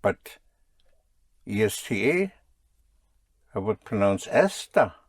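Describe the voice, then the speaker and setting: A man's voice: fairly low pitch, very animated, takes it slowly, no room sound, studio quality. A man teaching a spoken language lesson, patiently drilling and correcting his students.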